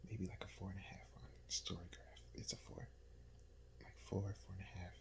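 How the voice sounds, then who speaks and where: A man's voice: low voice, monotone, normal speed, poor audio. A man whispering through a late-night book vlog as a reviewer, repeating himself in exasperation. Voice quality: breathy whisper.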